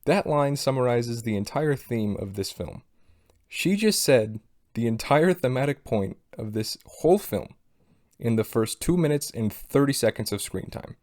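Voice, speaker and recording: A young man delivers a video essay in a sarcastic, exasperated voice. His pitch sits in an ordinary middle range. He sounds fed up with what he is critiquing. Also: expressive, moderate pace, darkish tone. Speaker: film critic video host.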